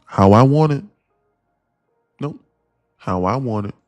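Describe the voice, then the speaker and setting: A man's voice: medium pitch, expressive, takes it slowly, no room sound, faint music behind. A man doing a stubborn, overconfident wannabe trader. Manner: defensive, insistent.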